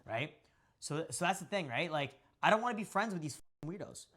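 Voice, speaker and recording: Brash, fast-talking young man. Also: on the high side, lively intonation, pushed and bright. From Indian descent. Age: young adult. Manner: boastful, brash and profane. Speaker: podcast guest. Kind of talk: casual podcast talk.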